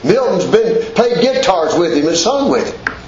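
A man's voice: sits high, big pitch swings, moderate pace, roomy sound, dull audio, a little hiss or hum. A man preaching a sermon in a church, repeating phrases with rising emphasis.

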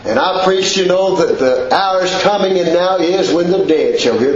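A man's voice: sits high, normal speed, hardly any pauses, roomy sound, highs cut off, slight background noise. A man preaching a sermon in a church, repeating phrases with rising emphasis.

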